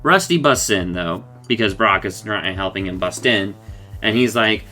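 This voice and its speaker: A man's voice: lowish voice, expressive, normal speed, bright, forceful tone, soft background music. A man casually recapping a cartoon episode, rambling and acting out the characters' lines, laughing often.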